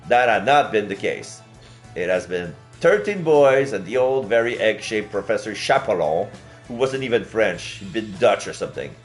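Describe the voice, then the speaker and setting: A man streaming and reading a visual novel aloud, chatty with laughing asides. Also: fairly low pitch.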